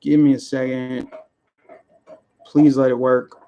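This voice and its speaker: A man's voice: mid-range voice, flat delivery, slow, warm tone, muffled recording. A man venting on his own livestream in a heated, indignant rant, repeating himself as he speaks straight to his viewers. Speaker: livestream vlogger. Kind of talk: angry political livestream rant.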